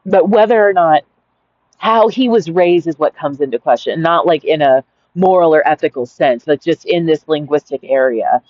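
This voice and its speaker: A woman with a low-pitched voice reads her own anecdote at a moderate pace, wandering off into giggly asides packed with "like" and "right?" The audio is dry, dull and lo-fi, recorded at home.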